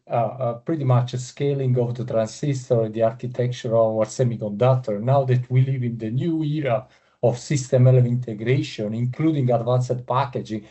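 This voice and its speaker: A man's voice: medium pitch, dark tone, dull audio. A middle-aged man with an Italian accent, telling a story during a webinar over a video call, emphatic and repeating words for effect. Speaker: industry veteran attendee. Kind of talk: webinar remarks.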